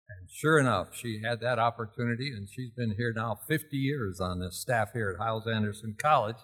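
Older male preacher, bright tone, lively storyteller who laughs and shouts now and then. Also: fairly low pitch, moderate pace. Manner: animated, laughs often, jumps to shouting. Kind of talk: storytelling sermon.

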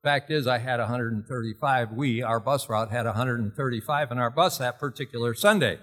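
Older man telling lively sermon stories. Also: medium pitch, brisk. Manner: animated, laughs often, jumps to shouting. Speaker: preacher. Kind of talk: storytelling sermon.

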